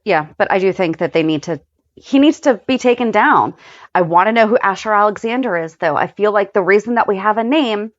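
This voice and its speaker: A woman chats about recent episodes with a voice that rises and falls widely. Her reactions come quickly and easily. The recording is dry and slightly muffled. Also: medium pitch, expressive, no echo. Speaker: podcast co-host. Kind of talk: casual recap chat.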